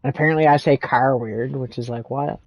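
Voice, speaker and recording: A man's voice: medium pitch, steady tone, fairly quick, husky, no room sound, highs cut off. A man with a Canadian accent, chatting in a rambling, casual way while streaming a game and laughing often. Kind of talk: casual chat while gaming.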